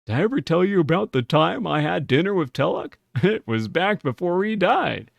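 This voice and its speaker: A man doing an older bar regular, rambling, reminiscing, pitched up higher than his own voice, slowed and a little distant from the mic. A chatty codger from a fantasy computer game, with no room sound around him. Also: animated, vocal fry, no room sound, heavily acted.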